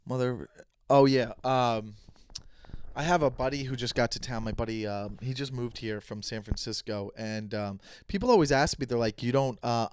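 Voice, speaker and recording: A man's voice: medium pitch, clear, resonant tone, dry recording. A young man hosting his own podcast in a loose, chatty, slangy way, talking straight to his listeners. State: out of breath after dancing. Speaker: podcast host. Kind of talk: casual solo podcast talk.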